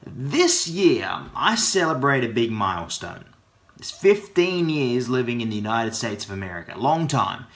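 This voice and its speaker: A man's voice: mid-range voice, very animated, a little slow, fairly bright tone. A man with an Australian accent, hosting his vlog from his studio and spinning a chatty story full of slang. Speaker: vlogger. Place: home studio.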